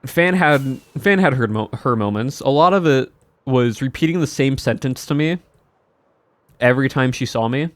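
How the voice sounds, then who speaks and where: A man's voice: mid-range voice, normal speed, no room sound. A man streaming and chatting casually to his viewers, rambling with many restarts and chuckles.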